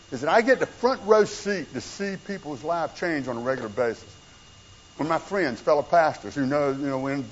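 A man's voice: fairly high pitch, highs cut off, a little hiss or hum. A middle-aged man preaching a sermon as a pastor, earnest and conversational, slipping into quoted asides.

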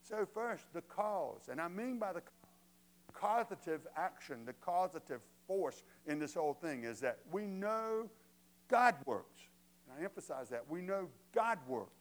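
A man's voice: sits high, very animated, normal speed, poor audio. A man preaching a sermon as pastor, conversational and emphatic, asking the congregation rhetorical questions.

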